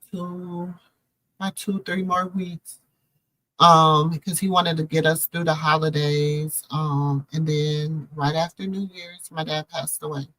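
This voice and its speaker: A woman's voice: low voice, a bit bright, no echo. A middle-aged woman hosting a show, telling a personal story in an emotional, preacherly way and calling listeners baby and y'all. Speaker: show host.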